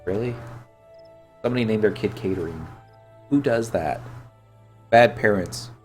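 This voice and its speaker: Low-voiced man streaming a game, sick. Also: unhurried, a little mellow, faint music behind. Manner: chatty, joking, reads and answers chat. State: sick with a head cold. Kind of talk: casual gameplay chat.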